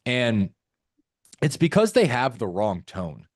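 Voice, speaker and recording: A man coaching a live audience on sales calls, energetic and acting out both sides of calls in shifting tones. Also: medium pitch, takes it slowly, dry recording, clean studio sound.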